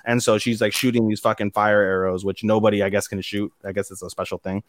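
A young man co-hosting a podcast recaps an anime episode in a low-ish voice with little pitch movement, rambling and cursing casually. He briefly performs the characters' lines in quick voices. A little hiss or hum is audible.

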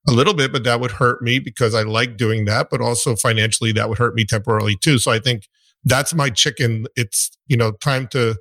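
A man's voice: medium pitch, steady tone, a little fast, a bit bright, no room sound. A man with a Brooklyn accent, a physician who hosts a podcast, talking in a friendly, reflective way. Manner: friendly, reflective, laughs easily. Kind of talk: podcast interview.

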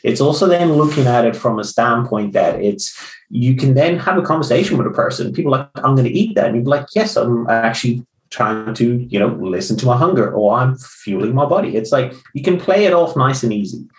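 A man's voice: animated, brisk, distant mic. Blunt swearing man in a roomy room. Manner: blunt, swears, acts out others' lines with big pitch jumps. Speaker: podcast co-host, coach. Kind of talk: casual podcast chat. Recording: roomy echo.

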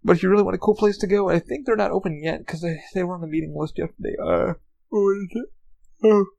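This podcast host, who lives in Orlando, Florida, tells a loose, meandering story full of curses, filler words and false starts. He talks fast in a high, gravelly voice with a darkish tone, and the recording's highs are cut off.

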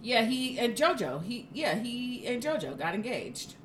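A woman's voice: on the high side, big pitch swings, unhurried, a little hiss or hum. A woman co-hosting a casual podcast, chatting wryly and sometimes reading news stories aloud. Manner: wry, reads articles in a put-on newscaster voice. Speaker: podcast co-host. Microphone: close to the mic.

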